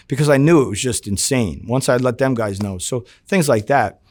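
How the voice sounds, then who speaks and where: Profane, animated storytelling man. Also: mid-range voice, a little fast, hardly any pauses, no echo. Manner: profane, animated, acts out quoted dialogue. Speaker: former undercover FBI agent. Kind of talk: storytelling in a sit-down interview. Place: home in New Jersey.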